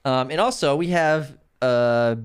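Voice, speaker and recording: A man co-hosting a podcast in casual chat, relaxed and often laughing as he runs a movie quiz. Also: mid-range voice, unhurried, smooth, dry recording, clean studio sound. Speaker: podcast co-host.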